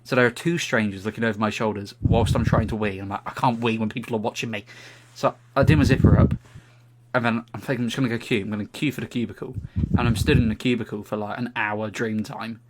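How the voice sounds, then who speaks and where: A man's voice: on the low side, quick pace, very noisy. British man telling a story. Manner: animated anecdote telling, swearing freely. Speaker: podcast co-host. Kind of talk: casual storytelling chat.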